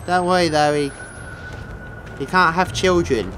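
A man's voice: on the high side, measured pace, a little hiss or hum, low-quality recording. A young man giving jumpy, joking commentary over a horror game, swearing and yelping when startled. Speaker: gaming video host. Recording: game music loud behind voice.

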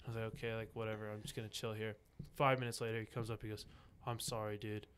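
A man's voice: on the low side, little pitch movement, fast talker, a bit bright, clear, resonant tone. A young man chatting casually on a podcast, rambling through a story, full of "like" fillers and acting out what people said. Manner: rambling, many "like" fillers, acts out quoted lines. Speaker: podcast guest, bouncer.

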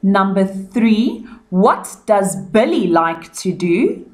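A South African woman teaching young children, pronouncing words clearly and repeating them in a revision lesson. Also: medium pitch, sing-song, takes it slowly, darkish tone.

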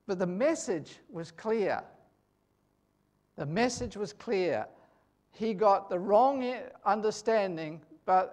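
Older guy preaching at church, slow and easygoing, lots of uhs, storytelling. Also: high voice, darkish tone. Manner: slow, storytelling with pauses and fillers. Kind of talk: sermon with opening prayer.

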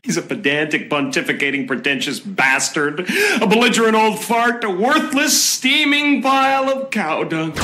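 A man's voice: sits high, very animated, normal speed, bright, forceful tone, full character voice. A man playing a cranky figure who spits out long chains of insults in a played clip. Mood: indignant.

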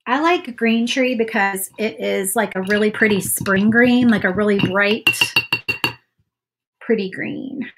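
A woman's voice: medium pitch, unhurried, noisy background. A woman chatting casually while she paints on a livestream, self-doubting and saying "y'all" often. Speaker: craft livestream host.

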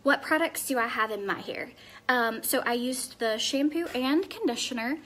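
A woman from Tennessee with a Southern accent, chatting casually on a live phone video, answering viewer comments and dropping to soft murmurs while she works. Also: a little high, animated, moderate pace. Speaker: live-stream hair demonstrator.

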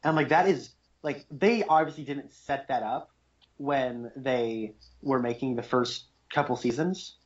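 A man's voice: medium pitch, darkish tone. A man co-hosting a podcast, talking eagerly and rambling with lots of fillers about a TV episode. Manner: enthusiastic, rambling with many fillers. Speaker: podcast co-host. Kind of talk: casual TV discussion chat. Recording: muffled lo-fi podcast audio.

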